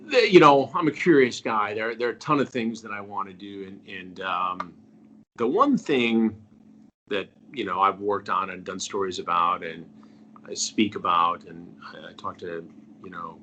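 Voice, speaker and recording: A man's voice: low voice, moderate pace, a bit bright, slight background noise. A middle-aged man, a journalist being interviewed, telling a story earnestly and trailing off to a near-whisper at the ends of phrases. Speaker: investigative journalist, guest.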